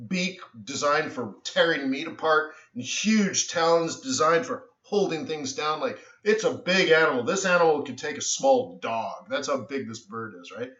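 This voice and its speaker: A man hosts a live stream and wanders off into animated stories, tired from little sleep. His voice is bright and a bit high. The sound is roomy and dull. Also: moderate pace, few pauses. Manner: animated storyteller, says "so anyways" often, trails off. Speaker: live-stream trading host. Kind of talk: rambling casual chat on a live stream. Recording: echoey room, dull lo-fi sound.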